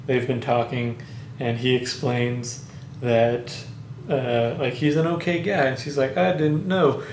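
A man's voice: medium pitch, steady tone, measured pace. Rambling man in an echoey room. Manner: rambling, hesitant, many fillers. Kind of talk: casual chat retelling a movie plot. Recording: echoey room, faint background noise.

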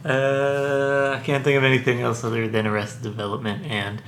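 A man's voice: medium pitch, monotone, normal speed, a bit bright. A man co-hosting a podcast, chiming in with wry jokes and teasing corrections. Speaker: podcast co-host. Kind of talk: casual comedic chat. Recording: echoey room with faint noise.

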